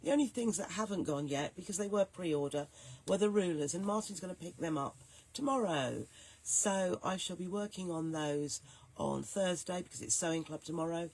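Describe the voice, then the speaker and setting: Hoarse woman with a cold, chatty live-stream host, gruff voice. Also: lowish voice, moderate pace. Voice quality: soft, growly, gruff. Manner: chatty, stops often to greet viewers by name. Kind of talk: live-stream chat greeting viewers.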